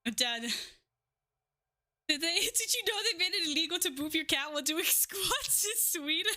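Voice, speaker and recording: A woman's voice: very high-pitched, lively intonation, normal speed, bright, forceful tone. A young woman streaming, chatting casually with her viewers, giggling often, swearing freely and out of breath. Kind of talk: casual live-stream chat.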